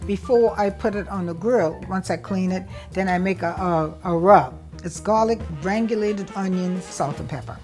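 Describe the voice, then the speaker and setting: A woman's voice: mid-range voice, moderate pace, few pauses, darkish tone, soft background music. A woman from South Carolina with a Gullah Geechee accent, a chef and cookbook author talking casually and proudly while she cooks outdoors at a family cookout. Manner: homey, proud, explains as she works. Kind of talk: casual talk while cooking.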